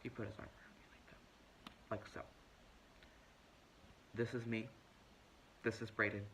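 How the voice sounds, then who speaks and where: A man's voice: fairly low pitch, measured pace, slight background noise, low-quality recording. A man playing a self-righteous, preachy young woman who tells her story in a pompous, lecturing comedic monologue. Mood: indignant. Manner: pompous, lecturing, deadpan self-important delivery.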